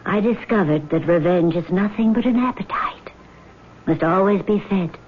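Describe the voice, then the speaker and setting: An actress playing a vengeful female ghost in a 1970s radio drama, speaking slowly and sometimes whispering. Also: medium pitch, slightly rough, natural voice. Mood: cold, menacing. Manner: slow, measured, sometimes whispering. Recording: tinny old radio broadcast with faint hiss.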